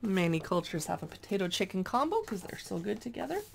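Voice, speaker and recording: A woman's voice: mid-range voice, big pitch swings, quick pace, creaky, a little hiss or hum. A woman chatting casually as she pages through a cookbook, reading dish names aloud with little asides. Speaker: cookbook reviewer.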